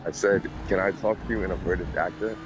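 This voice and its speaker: A man's voice: low voice, fairly even intonation, quick pace, noisy background. A man, streaming a racing game and chatting in a rambling, joking way. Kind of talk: casual stream banter.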